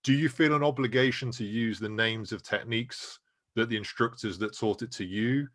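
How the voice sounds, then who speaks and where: A man's voice: mid-range voice, moderate pace, a bit bright. A man co-hosting a casual panel chat who agrees with the others and asks follow-up questions. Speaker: co-host.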